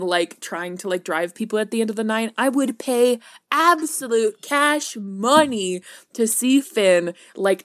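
A woman co-hosting a casual pop-culture podcast, recorded dry and close. She gushes enthusiastically, giggles often, and strings her thoughts together with lots of "like." Her voice sits at an ordinary pitch for a woman. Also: no echo. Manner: gushing, giggly, many "like" fillers. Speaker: podcast co-host.

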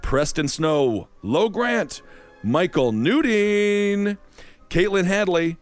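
Midwestern guy hosting a podcast, reading names and joking around, high voice that jumps all over, faint music underneath. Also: expressive, takes it slowly. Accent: Midwestern American. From Wisconsin. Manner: playful, jokey. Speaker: podcast host. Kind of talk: reading supporter names with banter.

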